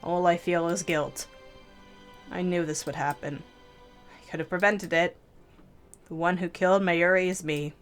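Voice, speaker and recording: Let's-play host, a woman, low-pitched, slow measured visual-novel narration. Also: steady tone, faint music behind. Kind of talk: reading a visual novel aloud.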